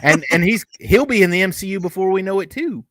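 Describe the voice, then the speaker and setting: A man's voice: high voice, lively intonation, fast talker, fairly bright tone, dry recording. A man co-hosting a casual TV review podcast, talking in a rambling, chatty way with many asides. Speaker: podcast co-host reviewing TV episodes.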